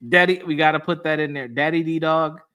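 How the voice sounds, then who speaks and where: A man's voice: a little high, fairly even intonation, a little fast, pushed and bright, clear, resonant tone. A man co-hosting a casual stream, laid-back and laughing often. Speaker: streamer co-host. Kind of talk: casual reaction-stream chat.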